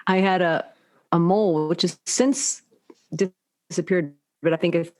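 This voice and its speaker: A woman co-hosting a podcast, telling lively, profane stories in casual chat. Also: on the low side, unhurried. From Southern California. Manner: animated storytelling with profanity. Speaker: podcast co-host.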